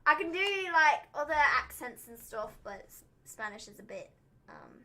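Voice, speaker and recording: American woman, wrestling stream co-host, high bright voice, rambling and self-deprecating. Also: big pitch swings, normal speed. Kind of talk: casual livestream chat.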